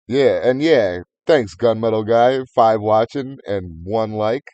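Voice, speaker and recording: A man's voice: on the low side, expressive, measured pace, few pauses, a little mellow, no room sound. A man co-hosting a podcast, talking in crude, joking casual banter and now and then putting on silly voices. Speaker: podcast co-host.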